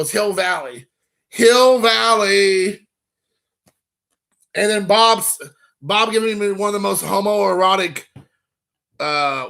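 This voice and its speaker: Excitable gravelly high-voiced man. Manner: excitable, rambling, talks to viewers by name. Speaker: card collecting channel host. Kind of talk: casual live stream chat.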